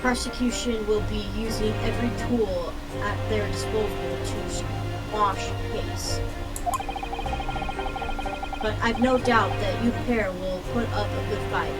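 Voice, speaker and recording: A woman's voice: mid-range voice, lightly acted. A woman reading a formal official giving a briefing. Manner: reads game dialogue aloud with stumbles. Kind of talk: reading game dialogue aloud. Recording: game music loud behind voice.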